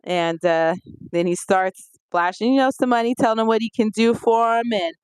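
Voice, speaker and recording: Smooth-voiced casual movie reviewer. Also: mid-range voice, normal speed, no echo. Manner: conversational, retells scenes with lively acted-out quotes.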